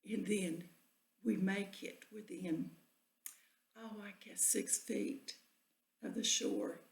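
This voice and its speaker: A woman telling a folksy spoken story, often dropping into a breathy whisper. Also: mid-range voice, fairly even intonation, slow. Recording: echoey room.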